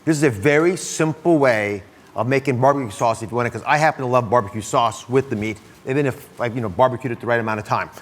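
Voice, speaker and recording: Brisk upbeat male talk show host. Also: medium pitch. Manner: upbeat, brisk, chatty with guests. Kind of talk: energetic studio talk show hosting.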